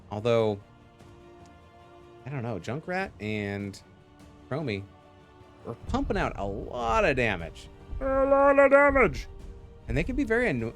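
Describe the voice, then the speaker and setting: A male esports caster calls a live match at a mid pitch that leaps and dips constantly. He mixes play-by-play with silly, jokey asides. Faint music sits underneath. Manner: goofy, jokey, animated asides. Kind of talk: live game commentary.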